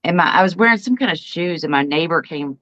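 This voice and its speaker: A woman's voice: lowish voice, expressive, quick pace, a bit bright, no echo. Woman telling a story over dull lo-fi audio. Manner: confessional storytelling, self-deprecating. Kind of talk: casual group chat.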